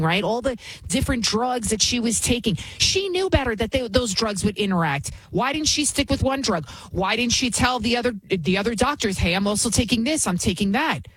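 A woman's voice: fairly high pitch, slightly rough, no echo, low-quality recording. A middle-aged woman hosting a talk show, giving indignant, emphatic commentary and repeating words for emphasis. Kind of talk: opinionated commentary.

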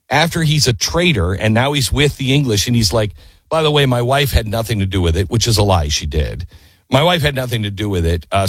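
A middle-aged man hosting a talk radio show, telling a story in an animated way, with sudden high exclamations, and reading ads. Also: slightly rough, no echo.

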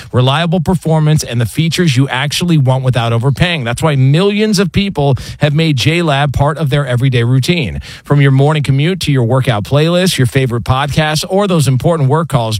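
A man's voice: medium pitch, no echo. A man hosting a sports radio show, chatting casually and reading an ad. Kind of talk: casual chat and read ad.

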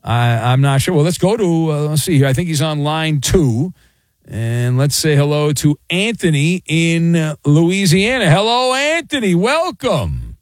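A man's voice: a little high, very animated, unhurried, dry recording. A middle-aged man hosting a late-night sports talk radio show, rambling and joking with self-mocking asides. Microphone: studio microphone.

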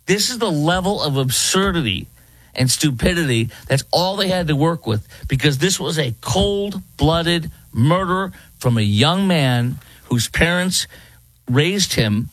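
A man's voice: mid-range voice, no room sound, low-quality recording. Man, radio talk host, indignant opinion segment, emphatic, dry close mic. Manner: emphatic, indignant, repeats for effect.

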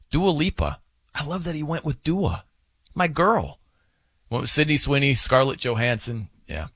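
A man's voice: medium pitch, a bit bright, no echo. A man hosting a sports radio show in casual, rambling, self-amused banter at a studio microphone.

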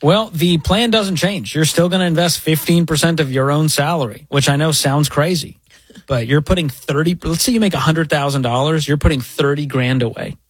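A man co-hosts a call-in advice show in a slightly higher, husky voice. His delivery is dry and close, and he stays jokey and emphatic. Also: moderate pace, no room sound. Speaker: radio show co-host.

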